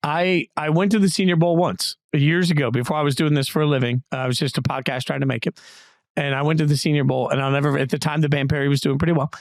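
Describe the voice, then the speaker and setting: A middle-aged man hosts a sports podcast, telling stories in casual chat as an animated storyteller whose voice jumps playfully. His voice is a little high and fast, recorded with no room sound.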